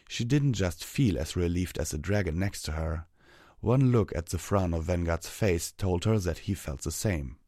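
A man reading a fantasy story aloud as narrator, steady and measured. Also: low voice, no echo, clean studio sound.

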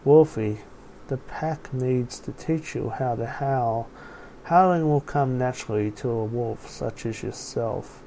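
Man reading as a calm wolf-man pack leader, gravelly, dark, slow and hypnotic for an audio story. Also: medium pitch, a little hiss or hum, lightly acted. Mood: soothing. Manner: slow, soft, soothing and hypnotic.

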